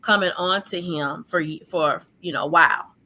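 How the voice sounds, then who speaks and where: A woman guest recounting her childhood in an earnest, halting way, full of fillers, over a video call. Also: on the low side, bright, forceful tone, slight background noise. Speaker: guest sharing her life story. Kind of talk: personal testimony in an interview.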